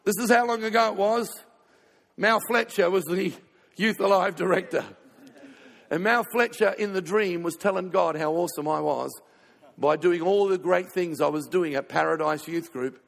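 A man pastor preaching a sermon, telling stories with sudden swings between loud passages and hushed ones. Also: high voice, moderate pace, gravelly. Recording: reverberant hall.

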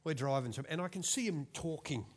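A man's voice: fairly high pitch, fairly quick. A man in his forties, preaching a sermon in a chatty, self-mocking storytelling way.

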